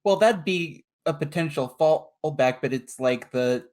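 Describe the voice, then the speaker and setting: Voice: medium pitch, measured pace, a little mellow. A player in a tabletop game chatting casually about their character, hesitant and full of fillers and restarts.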